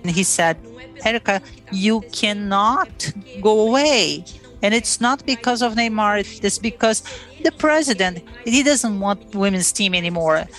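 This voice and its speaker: A woman's voice: medium pitch, lively intonation, unhurried, fairly bright tone, soft background music. A Brazilian woman, a Portuguese native speaker, telling her own story with feeling and acting out the dialogue as a former player. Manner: emotional storytelling with quoted dialogue. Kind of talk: recounted personal story.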